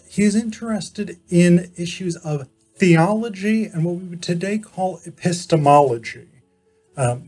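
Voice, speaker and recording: A man delivers an unhurried, informal philosophy lecture, stopping often to rephrase himself. His voice sits slightly high, with a mellow, husky tone. Faint music plays behind him. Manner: measured explaining, frequent pauses and self-corrections.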